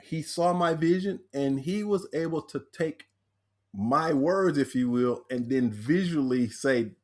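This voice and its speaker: A man, a speaker and author, telling personal stories in a podcast interview, animated and acting out the voices he quotes. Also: fairly high pitch, measured pace.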